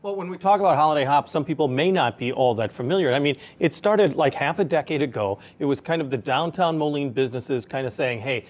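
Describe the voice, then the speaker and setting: A man's voice: fairly high pitch, expressive, fast talker, few pauses, a little mellow. Upbeat male TV host. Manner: upbeat, conversational interviewer. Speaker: TV show host. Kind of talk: broadcast interview.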